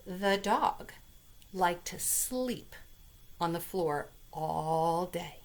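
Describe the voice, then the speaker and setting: Brief: woman children's librarian hosting storytime, unhurried and sing-song. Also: lowish voice. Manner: gentle, slow and sing-song, speaking to young children.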